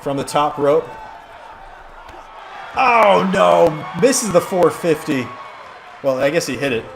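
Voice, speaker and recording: On a live stream, a fairly high-voiced man gives casual, rambling commentary on a wrestling video game, joking around and bursting into excited play-by-play at a slow pace. A clear background hum sits under his voice, and a crowd can be heard behind him.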